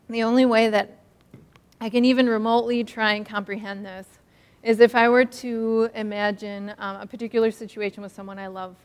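A woman's voice: medium pitch, in a large hall. A woman preaching a sermon, earnest and emphatic, acting out a story as she teaches. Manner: earnest and emphatic, acts out stories.

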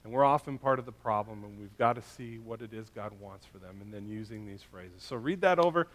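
A man's voice: lowish voice, brisk. A male pastor preaching a sermon in a conversational way, often checking in with his listeners by asking "right?" and "okay?".

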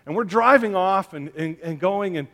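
A male pastor giving a sermon in a relaxed, chatty way, with fillers and light humor from family stories. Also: high-pitched, moderate pace. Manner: conversational, chatty with fillers and asides.

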